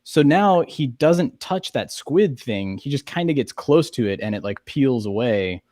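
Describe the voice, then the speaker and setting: A man co-hosting a casual chat, relaxed and thinking aloud. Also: medium pitch, a little slow, no echo, studio quality. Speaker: co-host.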